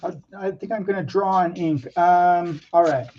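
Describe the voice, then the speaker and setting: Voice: mid-range voice, moderate pace, lo-fi sound. An artist talking casually to camera about drawing, hesitant and nervous, with many ums and restarts and some self-mocking asides.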